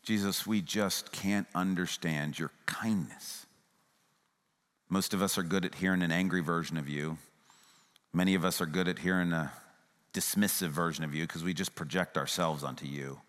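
Low-voiced guy preaching, gets loud then drops to a hush, big reverby hall. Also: fairly even intonation, normal speed. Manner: swings from raised, emphatic to hushed, tender. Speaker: pastor. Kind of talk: sermon.

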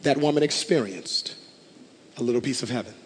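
A man preaching a sermon as a pastor, impassioned and building to loud declarations. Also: mid-range voice, fairly quick, slightly rough. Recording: long hall reverb.

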